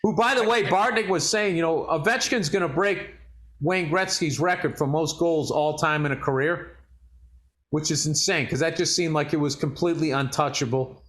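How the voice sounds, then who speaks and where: A man's voice: a little high, moderate pace, fairly bright tone. A man co-hosting a casual podcast, chatting about sports trivia with plenty of fillers. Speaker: co-host.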